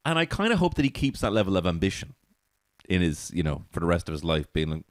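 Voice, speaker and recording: A man's voice: sits low, expressive, fairly quick, pauses often, no echo, clean studio sound. A man hosting a comedy podcast alone, rambling, swearing and laughing at his own jokes from a small alcove. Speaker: podcast host. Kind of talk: solo comedy podcast monologue.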